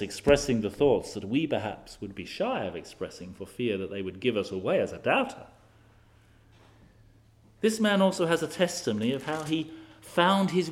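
A man preaching a sermon, posing rhetorical questions with occasional fillers. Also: medium pitch.

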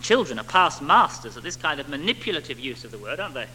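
A man preaching a sermon to a congregation, animated, with rhetorical tag questions and little acted-out quotes. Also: a little high, fast, a little hiss or hum, poor audio.

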